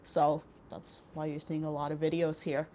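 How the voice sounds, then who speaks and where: In a casual book haul vlog, a young woman with a cold speaks in a stuffy voice, rambling and restarting with plenty of fillers. Her low, warm voice stays level at a moderate pace, and the small wireless clip-on mic gives a lo-fi sound.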